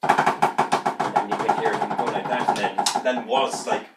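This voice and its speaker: A man talks through an unboxing in a rambling, excited way, humming and thumping out instrument parts as he goes. He sits well back from the mic in a room with a roomy echo. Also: fairly low pitch, normal speed, distant mic, over loud music. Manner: enthusiastic, rambling, imitates instruments with his voice. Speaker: music reviewer.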